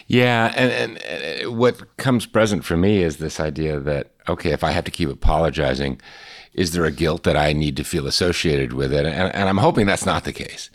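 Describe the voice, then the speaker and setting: Very deep-voiced hesitant host, dry sound. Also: male voice, no echo. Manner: halting, many restarts, reflective. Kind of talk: interview, hesitant questions.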